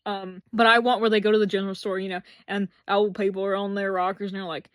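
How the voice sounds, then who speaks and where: Young woman, Appalachian, casual vlog chat, gushing, mid pitch. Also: flat delivery, quick pace, few pauses, no room sound, clean studio sound. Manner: chatty, gushing and self-deprecating. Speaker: book vlogger.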